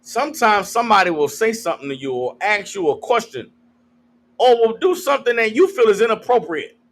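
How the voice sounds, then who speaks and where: A man's voice: high-pitched, big pitch swings, fairly quick. A man giving street-style Bible teaching, slangy and casual, calling for answers from the room. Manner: call-and-response with the room, slangy, acts out quotes.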